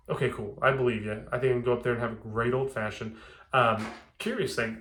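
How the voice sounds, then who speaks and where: A man's voice: medium pitch, quick pace, a bit bright. Rambling, chatty young man. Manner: chatty, rambling, frequent restarts. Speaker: bourbon video host. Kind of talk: casual home cocktail demo.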